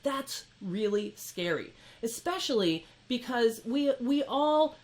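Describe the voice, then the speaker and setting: A woman's voice: on the high side, slow pace. A woman who runs a repair shop, ranting to camera in an exasperated, incredulous way. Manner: exasperated, incredulous, lively with laughs. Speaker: repair shop owner and channel host.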